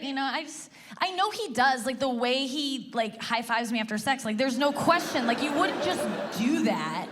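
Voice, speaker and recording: Chatty stand-up comedienne, high voice. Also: female voice, expressive, fairly quick, fairly bright tone. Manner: chatty, self-deprecating, heavy on "like" and acted-out quotes. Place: comedy stage before a live audience. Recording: live stage recording with audible room noise.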